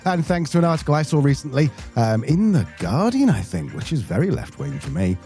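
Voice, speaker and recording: Give me a playful British business owner hosting a podcast, with a lively voice. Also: male voice, a little high, brisk, vocal fry, faint music behind. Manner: playful, laughs often, self-mocking. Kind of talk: casual podcast chat.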